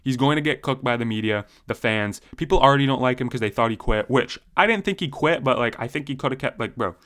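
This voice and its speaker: A man's voice: mid-range voice, lively intonation, quick pace, fairly bright tone. A young man giving profane, heated, casual commentary on fighters, full of slang and fillers. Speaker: MMA commentary YouTuber.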